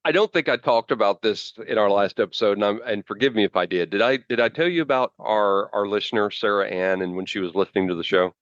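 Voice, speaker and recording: Deep-voiced man rambling with fillers. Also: a bit bright, no room sound, muffled recording. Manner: rambling, halting with many fillers and restarts. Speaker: podcast co-host. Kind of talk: casual chat.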